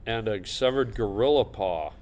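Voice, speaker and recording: Canadian comic, man, smooth clear voice, deadpan rambling tall tales. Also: fairly low pitch, normal speed. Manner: deadpan absurd storytelling, rambling. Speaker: comedian guest. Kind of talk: casual comedy podcast chat. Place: comedy club stage after a show.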